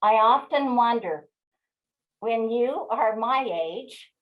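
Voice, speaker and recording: Brief: woman, 60s, webinar presenter, slightly high voice, slow deliberate storytelling that talks straight to the listener. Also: lo-fi sound. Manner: slow, expressive storyteller who addresses the audience directly. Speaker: webinar speaker. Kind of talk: storytelling talk.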